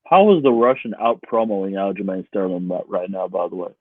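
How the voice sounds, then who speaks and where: Animated man, tinny and dry. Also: sits low, fairly quick, dry recording. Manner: animated, profane, laughs often. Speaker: podcast co-host. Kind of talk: casual sports banter. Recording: tinny phone-like sound, dry.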